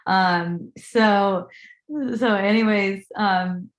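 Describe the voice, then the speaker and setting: A woman telling a personal story in a casual, animated way, acting out what others said and swearing now and then as she draws a life lesson from it. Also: medium pitch, very slow. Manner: animated, acts out quoted voices, swears casually. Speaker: spiritual teacher. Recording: echoey room.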